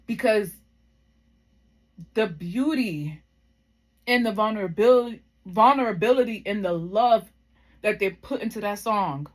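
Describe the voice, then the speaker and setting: A woman in her thirties telling a personal story in a casual vlog. She is heartfelt and reflective, and rambles with many fillers. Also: medium pitch. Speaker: vlogger.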